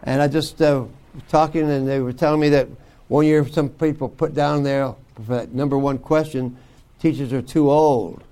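An older man teaching a youth Bible school class, folksy and joking, with loud bursts for emphasis. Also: mid-range voice, steady tone, moderate pace, clean tone. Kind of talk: folksy devotional talk to youth.

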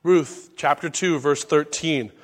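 High-voiced male preacher, Bible-study sermon, scripture readings mixed with asides. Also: slow. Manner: reads scripture aloud in King James wording, with asides and self-corrections.

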